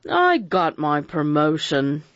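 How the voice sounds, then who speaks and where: A blustering ex-police inspector, as a man puts him on, hearty and bullying, his pitch swinging up when he is challenged. The recording is dry and dull. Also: huge pitch swings, slow, no room sound, full character voice. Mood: sulky.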